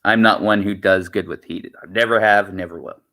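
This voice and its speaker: A male streamer talks loosely to his viewers, wandering from point to point and repeating himself. His voice sits a bit low, yet it has a bright, forceful edge. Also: steady tone, fairly quick. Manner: rambling, repeats himself, many "you know" fillers. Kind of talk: casual livestream chat.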